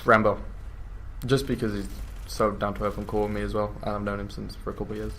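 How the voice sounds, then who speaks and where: A man's voice: lowish voice, flat delivery, quick pace, fairly bright tone, a little hiss or hum. A young man chatting casually as a guest, a little shy. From England. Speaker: interviewee. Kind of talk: casual chat.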